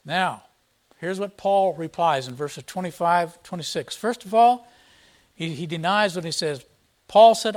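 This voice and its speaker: Male pastor, higher-pitched voice, emphatic expository preaching. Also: unhurried. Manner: emphatic, reads scripture aloud with rising force; plain explanatory teaching tone. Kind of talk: expository sermon.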